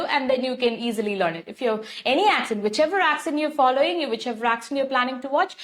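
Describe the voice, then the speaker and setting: A young woman with an Indian English accent, voice pitched a little high. She teaches English to a live online class, spelling out each step and repeating herself. She turns to thank viewers by name. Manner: repetitive, instructive, addresses viewers by name.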